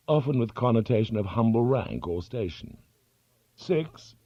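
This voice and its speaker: Slow, husky male audiobook narrator. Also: lowish voice, mellow, dry recording. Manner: measured, careful reading of a dictionary entry. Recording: dull lo-fi recording.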